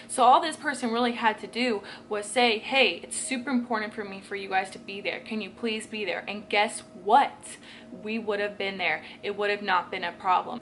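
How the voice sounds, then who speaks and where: A woman's voice: mid-range voice, a bit bright, slight background noise. A young woman telling a personal story to her own camera in a casual vlog, rambling and emotional, with lots of filler words. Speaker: vlogger. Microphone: camera she films herself with.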